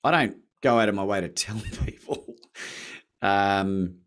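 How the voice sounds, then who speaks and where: A man from Australia with an Australian accent, a podcast guest telling his story in casual chat, lively and acting out phone calls. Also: on the low side, a little slow. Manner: animated, acts out phone calls with rising excitement.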